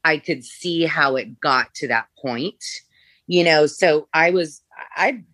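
A woman's voice: deep voice, takes it slowly, fairly bright tone, no room sound. A woman guest in an interview, telling long stories in a rambling way with many fillers and restarts. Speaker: former makeup artist, guest. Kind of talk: storytelling interview.

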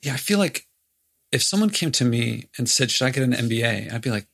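A man leads a conversational interview. His voice is husky, with a gravelly edge. He thinks aloud in loose, reflective phrases. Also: mid-range voice, animated, fairly quick, a bit bright.

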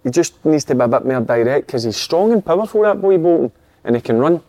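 A man's voice: on the high side, expressive, fast, dark tone. A Scottish man giving blunt football opinions in a casual chat. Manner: plain-spoken, blunt opinions. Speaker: football pundit.

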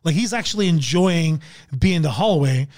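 Foul-mouthed comedian with a higher voice. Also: male voice, lively intonation, normal speed, darkish tone. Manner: profane, swears constantly; acts out quoted dialogue with big pitch jumps. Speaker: comedian guest. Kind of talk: casual podcast storytelling.

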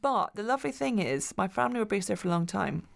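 A woman's voice: medium pitch, sing-song, fast, vocal fry. A woman from Glasgow, a guest in an interview, chatting eagerly and often restarting her sentences. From Glasgow, Scotland. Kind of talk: casual interview talk.

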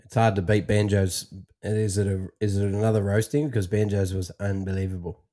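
A man's voice: fairly low pitch, flat delivery, normal speed, dark tone. An Australian man co-hosting a podcast, trading laughing, blokey banter. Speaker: podcast co-host. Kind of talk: casual chat.

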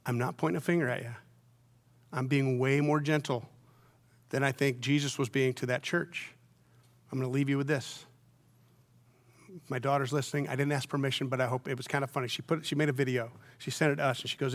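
A middle-aged man preaching a sermon, moving from soft, near-whispered lines to loud, emphatic peaks. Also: mid-range voice. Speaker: pastor.

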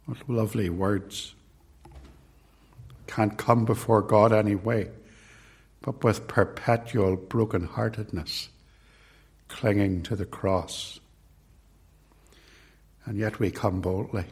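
An older man preaching a sermon, slow and measured, repeating key words for emphasis. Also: on the low side, fairly even intonation, a little mellow, husky.

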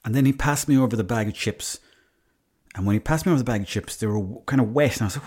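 A man's voice: mid-range voice, fast, darkish tone, breathy edge. Irish male podcast host, mid-range voice, rambling self-mocking storyteller, swears casually.

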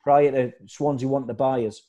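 In a lo-fi recording, a man with a mid-range voice talks a little fast as he shares football stories. He's a former footballer guest in a casual chat, animatedly mimicking others and acting out their shouting voices.

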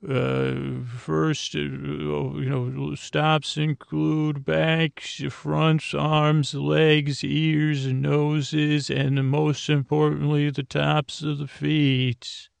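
A man voicing a goofy, jester-like uncle who plays a cheery train conductor with brisk announcer patter. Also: a little high, little pitch movement, creaky, clean tone, dry recording, heavily acted. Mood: playful announcing.

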